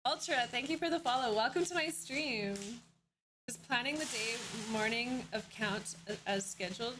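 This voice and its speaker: A chatty young woman hosts her live stream from home, greeting viewers by name and laughing often. Her voice sits high and light. A faint hiss runs under the desk mic. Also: normal speed. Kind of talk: casual live-stream chat.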